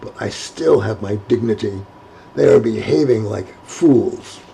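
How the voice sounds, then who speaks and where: A man's voice: medium pitch, unhurried, gravelly, dark tone, slight background noise, poor audio. A man voicing a proud, defiant young woman. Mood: dignified, mortified.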